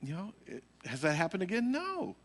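Pastor, man, chatty storytelling sermon, acts out voices; bright tone, live hall reverb. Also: high voice, normal speed. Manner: animated, acts out quotes, laughs at own story. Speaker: pastor teaching a midweek Bible study. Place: church sanctuary.

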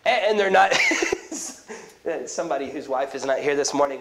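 Animated man preaching a sermon. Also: on the high side, unhurried, a crowd in the background, rough recording. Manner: conversational, animated preaching with frequent restarts and asides. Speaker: pastor. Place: church sanctuary.

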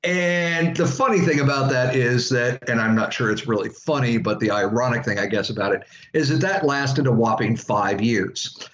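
The Florida history teacher has a mid-range, somewhat bright voice and keeps a moderate pace during his casual classroom lecture, full of digressions for the students. Echo from the room leaves the recording dull and lo-fi.

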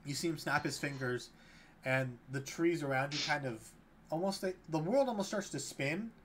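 A man serving as game master, narrating a tabletop game in a relaxed, loose way. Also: fairly high pitch, normal speed, a little hiss or hum.

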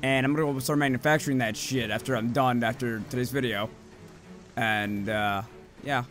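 A man's voice: medium pitch, fairly even intonation, normal speed, a bit bright, soft background music. A man casually commenting on his video game, swearing, joking and reading game dialogue aloud, sounding slightly sick. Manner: profane, jokey, reads game text aloud. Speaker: gaming video host.

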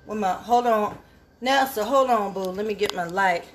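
A woman's voice: medium pitch, moderate pace, reverberant. A woman hosting a casual livestream from her kitchen on a phone, folksy and easygoing, calling people honey and child. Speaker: home cook hosting a livestream. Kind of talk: casual cooking chat.

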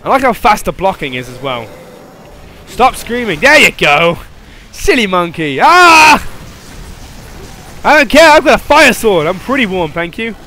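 Young male gamer, bright high voice, jumpy and jokey, shrieks mid-fight. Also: unhurried, long pauses, slight background noise. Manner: excitable, yelping and laughing, swings from mutters to shrieks; joking, rambling banter at the game's monster. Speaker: gameplay commentator. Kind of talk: live gameplay commentary.

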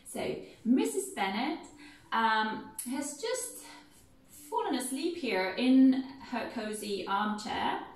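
A woman dance teacher guiding an online movement class with gentle, step-by-step instructions. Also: on the high side. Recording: very echoey room, mic far off.

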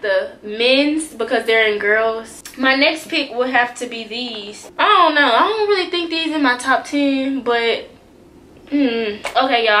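A young woman hosting a casual shoe-collection vlog, slangy and animated, swearing freely and talking straight to her viewers. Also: high-pitched, reverberant, slight background noise. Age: young adult. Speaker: vlogger. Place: bedroom with shoes behind her.

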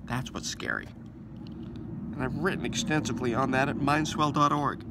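A man delivering an agitated, sarcastic political rant to camera, swinging between loud outbursts and mocking whispers, his voice going hoarse. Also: mid-range voice, normal speed, very noisy. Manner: agitated, sarcastic, rising to near-shouts and dropping to mock whispers. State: losing his voice. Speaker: political commentator. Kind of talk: ranting monologue to camera.

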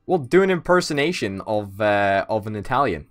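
A man's voice: lowish voice, sing-song, normal speed, faint music behind. A man hosting a let's play, bantering casually and swearing freely in mock outrage on a voice call.

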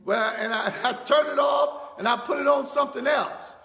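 A man preaching a sermon as pastor, repeating phrases and restarting words, now and then rising into shouts. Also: very high voice, normal speed, creaky. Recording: echoey hall reverb.

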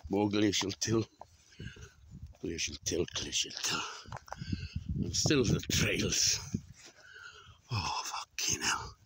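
A man's voice: sits low, slow, long pauses, a bit bright, slightly rough. Panting man in his sixties, climbing outdoors. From Wales. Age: 60s. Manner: exclaiming, swearing often. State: out of breath. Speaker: vlogger. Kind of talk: casual walking commentary. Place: outdoors on a hillside field.

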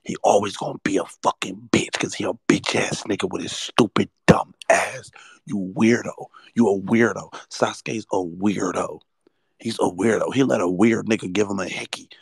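A man in his twenties ranting late at night, swearing nonstop and swinging between hushed whispers and loud outbursts. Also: fairly low pitch, fairly even intonation, normal speed, gravelly, slightly rough, dry recording. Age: 20s. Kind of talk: late-night profane rant, often whispered. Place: at home at night while others sleep.

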